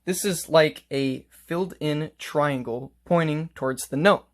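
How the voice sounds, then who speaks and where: A man's voice: on the high side, unhurried. A man teaching a casual music lesson, explaining note markings step by step and playing examples on his instrument.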